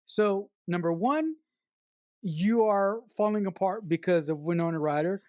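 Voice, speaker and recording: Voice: mid-range voice, expressive, a little slow, darkish tone, dry recording, muffled recording. A podcast co-host in casual film review chat, enthusiastically analysing a director's choices with emphatic praise.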